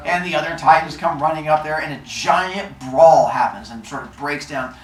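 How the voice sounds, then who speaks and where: A man telling a silly myth story playfully, animated, with made-up sound effects. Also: fairly high pitch, normal speed, few pauses. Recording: roomy echo.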